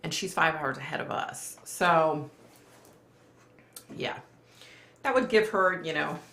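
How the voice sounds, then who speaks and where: A woman's voice: low voice, slow pace, fairly bright tone. A middle-aged woman hosting a casual livestream, chatty and laughing often as she reads viewer comments aloud. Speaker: livestream host. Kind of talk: casual live chat. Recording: echoey room.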